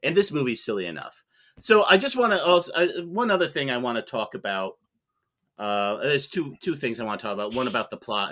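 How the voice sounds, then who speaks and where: Man, podcast mock prosecutor, sarcastic, rhetorical questions, bright tone. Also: medium pitch. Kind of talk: comedic mock-trial argument.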